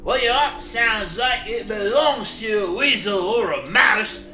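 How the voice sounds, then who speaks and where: A narrator voicing a snarky, argumentative male creature lurking under a bridge in a storybook reading, with rough, ungrammatical talk. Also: medium pitch, unhurried, bright, forceful tone, echoey room, faint music behind, pitched above the performer's own voice.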